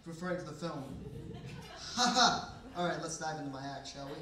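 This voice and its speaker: A man in his twenties doing a stand-up comedy set with a dry, deadpan, sarcastic delivery at a comedy night in a bar basement. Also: on the high side, very fast, background noise. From Canada. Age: 20s. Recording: echoey room, mic from far off.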